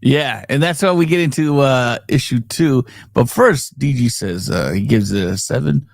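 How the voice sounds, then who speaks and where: A man's voice: medium pitch, normal speed, creaky, no room sound, studio quality. A man co-hosting a casual comics chat, rambling with lots of fillers and frequent laughs. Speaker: podcast co-host.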